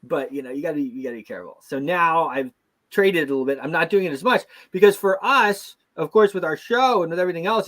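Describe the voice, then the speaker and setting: Middle-aged American male host, slightly higher voice, casual rambling delivery. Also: a bit bright. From United States. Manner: rambling, with many restarts and fillers. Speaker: show host. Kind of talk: casual chat.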